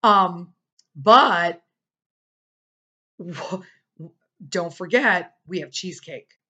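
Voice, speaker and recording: A middle-aged woman hosting a podcast, telling a personal story casually and animatedly, acting out what other people said. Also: extremely slow. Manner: animated, acts out quoted people with big pitch jumps. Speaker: podcast host.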